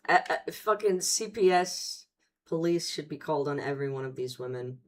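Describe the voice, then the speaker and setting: Woman, host, casual commentary, blunt, profane, sarcastic, lowish pitch. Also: moderate pace, darkish tone.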